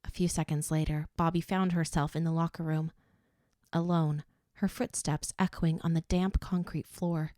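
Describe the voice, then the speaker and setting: A woman reading an audiobook, narrating in a steady, even way. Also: low voice, normal speed, no room sound, studio quality. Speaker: audiobook reader.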